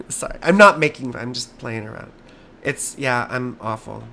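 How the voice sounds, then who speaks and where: A hoarse American man doing a live astrology chart reading, rambling and easily sidetracked, with jokey asides. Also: mid-range voice, expressive, unhurried, bright, forceful tone.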